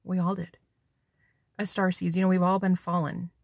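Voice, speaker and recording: A woman's voice: on the low side, little pitch movement, moderate pace, no echo, clean studio sound. A woman psychic medium giving a spiritual tarot reading, talking bluntly and preachily and swearing for emphasis.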